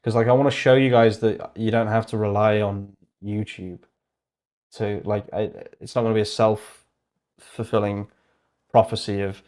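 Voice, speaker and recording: A young man talks through a casual livestream, thinking aloud and bursting into excited ideas before trailing off into low muttered asides. His voice sits a little low for a man, and he laughs often at his own plans. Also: normal speed. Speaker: host.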